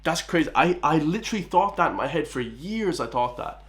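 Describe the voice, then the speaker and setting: A young Irish man with an Irish accent, chatting casually and excitedly as he reacts to a video, full of filler words. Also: on the high side, fairly quick. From Ireland. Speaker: reaction channel host.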